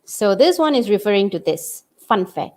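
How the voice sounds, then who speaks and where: A woman's voice: medium pitch, very animated, normal speed, darkish tone. A woman from Malaysia teaching English writing online, explaining step by step and checking in with "okay?" as she goes.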